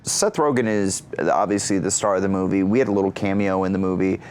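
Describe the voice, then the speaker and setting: Excitable man telling a story. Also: fast, clear, resonant tone. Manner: energetic, self-mocking, squeals into high voices for quoted lines. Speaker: actor and comedian, guest. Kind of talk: animated storytelling in an interview.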